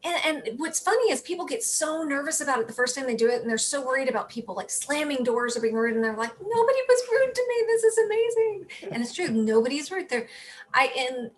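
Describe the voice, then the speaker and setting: A woman who ran for office, talking as a guest in a casual interview, telling stories in an animated way and often correcting herself mid-sentence. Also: on the high side. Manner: animated storytelling, self-correcting. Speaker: political candidate, guest.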